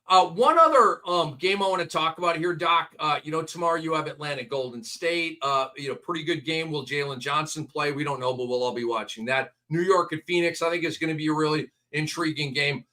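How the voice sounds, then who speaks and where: Man, sports show host, talkative, emphatic, forceful bright voice, slightly high. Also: a little fast, few pauses. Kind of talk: casual sports betting chat.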